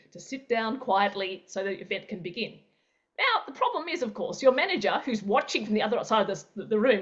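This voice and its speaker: A woman's voice: fairly high pitch, lo-fi sound. A woman teaching an interactive online workshop, acting out everyday scenarios with playful sound effects. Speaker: presenter.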